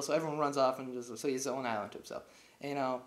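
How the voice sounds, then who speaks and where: Speaking very fast in a level, medium-pitched voice, a young man reviewing movies rambles through a casual plot recap full of fillers. The echoey room comes with a bit of hiss or hum.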